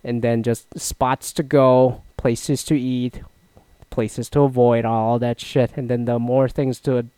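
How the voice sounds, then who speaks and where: A young man casually recounting a solo trip, rambling and swearing, with loud mock-outraged outbursts. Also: mid-range voice, little pitch movement, slow, smooth, no echo. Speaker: vlogger recapping a solo trip. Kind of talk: casual profane storytelling.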